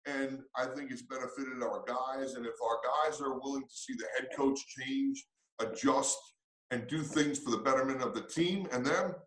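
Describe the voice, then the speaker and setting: Earnest coach in an echoey room. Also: male voice, medium pitch, normal speed, fairly bright tone. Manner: earnest, reflective, with many restarts. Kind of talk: interview answers.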